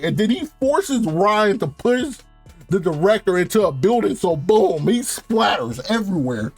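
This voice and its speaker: Slangy excitable young man, high voice. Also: a little slow, soft background music. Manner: slangy, profane, laughs often, excited recapping. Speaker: TV show reviewer. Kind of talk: casual review rant.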